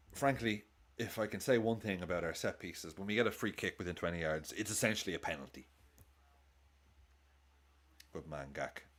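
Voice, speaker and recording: A man hosting a football watchalong, chatting excitably and swearing as he reacts live to the game and his chat. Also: fairly low pitch. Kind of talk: live match commentary and chat.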